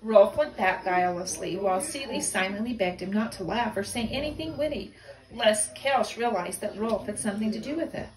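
A woman reading a novel aloud with lively expression. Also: medium pitch, fairly quick, roomy sound, low-quality recording.

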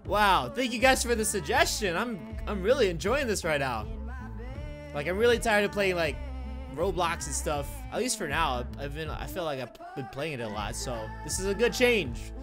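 Young male gaming YouTuber, excitable let's-play host, lively swings in pitch, game music loud behind. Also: moderate pace. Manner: excitable, cheering at the screen, drops to mumbles.

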